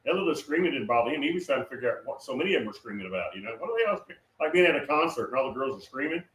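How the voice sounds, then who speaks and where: A man's voice: mid-range voice, big pitch swings, racing, a bit bright. A man casually recounting a dream in a rambling way, with many fillers and restarts. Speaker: guest recounting a prophetic dream. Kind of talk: casual conversational storytelling. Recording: roomy, distant mic with faint noise.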